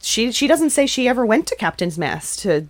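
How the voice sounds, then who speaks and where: A woman hosting an advocacy podcast who narrates a guest's story and discusses it, in a measured storytelling manner. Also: on the high side, big pitch swings, dry recording. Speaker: podcast host.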